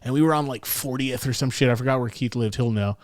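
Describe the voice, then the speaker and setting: A man's voice: medium pitch, quick pace, dry recording, clean studio sound. A young man co-hosting a podcast, telling a story in a loose, profane way and acting out the people he quotes. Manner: animated, profane, acts out quotes. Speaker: podcast co-host. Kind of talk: casual storytelling chat.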